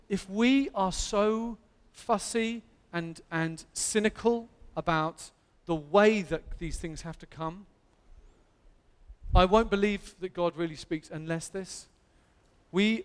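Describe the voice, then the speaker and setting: A man's voice: high voice, clean tone, in a large hall. An Englishman preaching a sermon in a church, earnest and emphatic, building to exclamations. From England. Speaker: pastor. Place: church hall.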